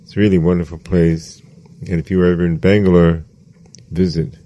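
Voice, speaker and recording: A man giving a sermon as a spiritual teacher, slow and measured, repeating phrases for emphasis. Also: deep voice, flat delivery, warm tone, lo-fi sound.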